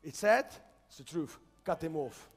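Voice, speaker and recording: Fervent male preacher, high-pitched, leads call-and-response; big reverberant hall. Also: animated, unhurried, slightly rough, soft background music. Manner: fervent, calls congregation to repeat after him. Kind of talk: sermon.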